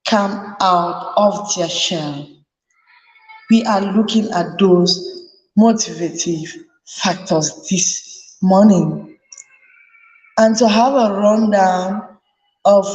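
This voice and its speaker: A woman's voice: medium pitch, a little mellow, dull audio. A woman hosting a live parenting chat, earnestly advising parents and repeating her key points. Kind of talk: live talk to an audience. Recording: echoey room with long reverb.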